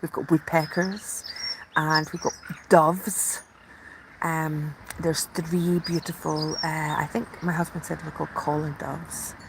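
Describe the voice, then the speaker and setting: A woman's voice: sits low, takes it slowly, vocal fry. Chatty woman on a noisy outdoor stream. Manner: chatty, gushing, breaks into excited whispers. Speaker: live stream host. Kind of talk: casual live chat from the tub.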